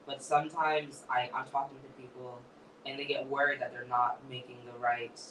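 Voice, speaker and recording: A man interviewing a poet onstage, asking earnest, halting questions with frequent restarts. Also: medium pitch, flat delivery, fairly bright tone, roomy sound, recorded from a distance, slight background noise, low-quality recording.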